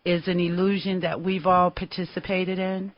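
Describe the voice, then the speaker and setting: Encouraging host-interviewer, middle pitch, muffled lo-fi recording. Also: little pitch movement, moderate pace. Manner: encouraging, brief affirmations. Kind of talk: interview questions and backchannel. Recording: dull lo-fi sound.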